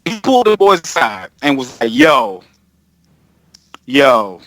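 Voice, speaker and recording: A man co-hosting a podcast in casual chat, profane and animated, acting out movie scenes as he talks. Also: on the high side, brisk, no room sound, studio quality. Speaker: podcast co-host.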